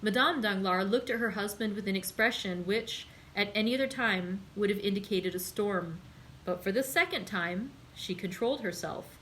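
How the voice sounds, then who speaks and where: A woman hosting a library read-aloud, reading a classic novel and lifting her voice for excited dialogue. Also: moderate pace, a little hiss or hum, rough recording. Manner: voices characters with raised pitch in excited dialogue.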